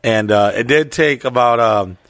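A man's voice: mid-range voice, normal speed, no room sound, clean studio sound. A man co-hosting a podcast, telling crude, profane stories in casual chat and acting out the other people in them. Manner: profane, animated, acts out other people's voices. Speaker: podcast co-host.

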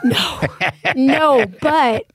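A woman's voice: high voice, extremely slow, no echo, studio quality. A woman in her thirties talking casually as a podcast guest, with lots of "like" and restarts. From United States. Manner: chatty, many fillers and restarts. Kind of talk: casual interview conversation.

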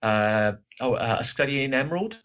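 A British man chatting as a podcast guest, his voice a little husky, hesitant and full of fillers and restarts. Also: mid-range voice, animated, normal speed, fairly bright tone, lo-fi sound. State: slightly husky. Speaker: guest writer. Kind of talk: casual podcast chat.

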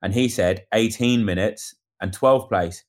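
A man casually telling a lively story about a bike race, acting out what people said. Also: fairly low pitch, measured pace. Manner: animated storyteller acting out quotes. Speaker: amateur cyclist recounting a race. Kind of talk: casual chat.

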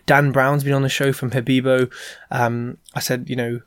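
A man's voice: mid-range voice, very animated, brisk, no room sound, studio quality. A man hosting a show, giving casual advice in a chatty way with plenty of fillers and asides. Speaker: podcast host giving business advice.

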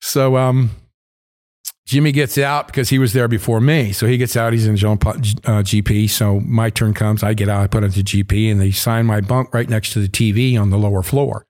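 A man's voice: lowish voice, steady tone, brisk, a little mellow. Profane man telling a rambling story. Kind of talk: casual storytelling.

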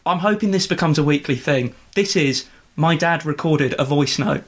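A young man with a fairly high voice co-hosting a podcast. He ribs his friend in a dry, teasing way. The talk stays loose and casual. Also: moderate pace, a bit bright. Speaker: podcast co-host. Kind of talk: casual chat.

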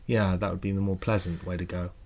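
A man's voice: sits low, little pitch movement, fast. A man in his thirties telling a rambling, self-deprecating story in casual chat, with many restarts. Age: 30s. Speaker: podcast co-host.

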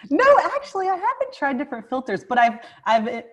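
A woman guest speech therapist talking casually over a video call, enthusiastic and quick to laugh. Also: sits high, very animated, fairly bright tone. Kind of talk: casual interview chat.

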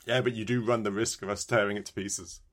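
A man's voice: fairly low pitch, fairly even intonation, fast, a bit bright. A British man co-hosting a podcast, bantering and poking fun at himself in casual chat. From Britain. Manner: joking, self-deprecating banter. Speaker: podcast co-host.

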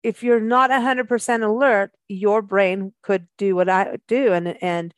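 A woman's voice: medium pitch, fairly even intonation, unhurried, dry recording. South african-raised woman hosting a radio chat, rambly, dry close sound. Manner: rambling, lots of "you know". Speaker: radio show host.

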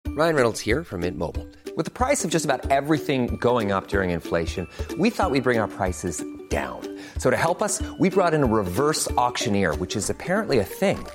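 Wry, deadpan ad spokesman. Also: mid-range voice, brisk. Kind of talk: scripted comic ad read. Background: music.

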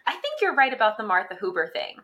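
Female podcast co-host with a bright, forceful voice, in relaxed recap chat. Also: medium pitch, quick pace. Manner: relaxed, amused, reads from her notes.

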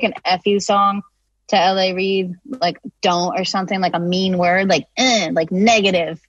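A woman with a slightly low voice tells a story in loose, casual chat. She jumps into quoted lines with animated energy and uses plenty of filler words. The sound is dry and a little dull, like a lo-fi recording. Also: no room sound. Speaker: singer-songwriter guest.

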